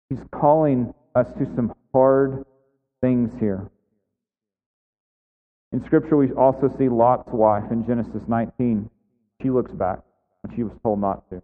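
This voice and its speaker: A man's voice: medium pitch, fairly even intonation, a little slow, long pauses. A man preaching a conversational sermon as a pastor, full of casual fillers. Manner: conversational, many "like" and "right" fillers. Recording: echoey hall, tinny phone-like sound.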